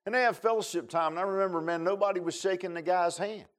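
A man preaching to his congregation in a relaxed, folksy way, leaning on homespun grammar and everyday asides. He tells a long personal story the way a country preacher might from the pulpit. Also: high voice, fast talker. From Northern Virginia. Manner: folksy storytelling with Southern-style colloquial grammar.

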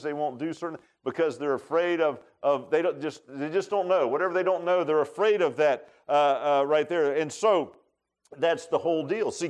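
A man preaching a conversational sermon as pastor, with many fillers and repeated words. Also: fairly high pitch.

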